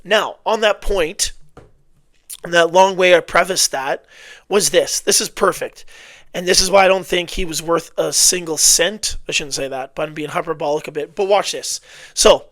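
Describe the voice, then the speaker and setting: Male film-breakdown host, high-pitched, blunt and exasperated, dry close mic. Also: moderate pace, no echo. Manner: blunt, animated, exasperated outbursts with self-corrections. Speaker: football film analyst. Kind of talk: casual film breakdown commentary.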